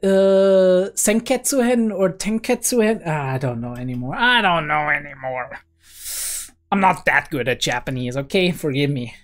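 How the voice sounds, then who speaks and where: A young woman hosting a casual anime reaction, talking in an excitable, rambling way and swearing freely. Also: low voice, moderate pace. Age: young adult.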